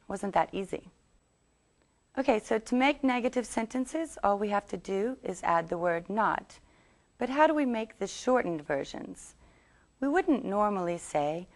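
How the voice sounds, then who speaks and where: A woman teaching English, reading a scripted lesson and saying model sentences slowly for learners to repeat. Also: medium pitch, animated. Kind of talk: scripted language lesson narration.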